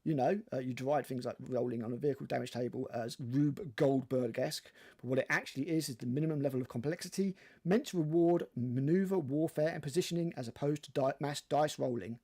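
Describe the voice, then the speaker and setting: A man's voice: mid-range voice, fairly quick, hardly any pauses, a little mellow. An older man co-hosting a casual podcast chat, ranting with frequent swearing and lots of fillers. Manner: ranting and profane, many fillers. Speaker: podcast co-host.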